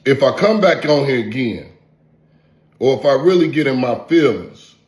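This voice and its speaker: A man's voice: medium pitch, expressive, normal speed, darkish tone. A man, an online content creator, delivering a profane, taunting vlog rant full of repeated insults. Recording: roomy echo.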